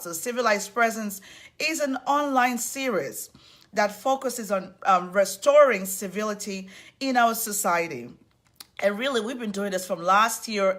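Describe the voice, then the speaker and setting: A woman with a fairly high voice hosts a live online talk series. She is effusive and upbeat, greeting viewers one by one as they join. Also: a bit bright. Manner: effusive and upbeat, repeatedly welcoming people. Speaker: host of an online civility series.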